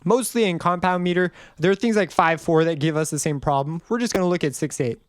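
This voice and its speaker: A man's voice: fairly high pitch, quick pace. Chatty man teaching music theory. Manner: chatty, rambling, self-correcting. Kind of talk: casual screen-recorded lesson.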